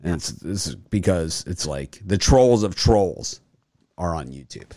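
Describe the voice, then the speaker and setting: A man with a lowish voice, recorded dry and close, as he talks through a casual show segment. He rambles with lots of fillers and tends to boast. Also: expressive, unhurried, darkish tone, dry recording. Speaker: sports betting show host. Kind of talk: casual chat.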